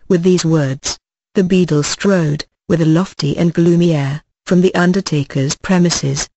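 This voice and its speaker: Measured audiobook narrator, dry close sound. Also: mid-range voice, steady tone, warm tone, dry recording, poor audio. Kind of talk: scripted narration of a classic novel.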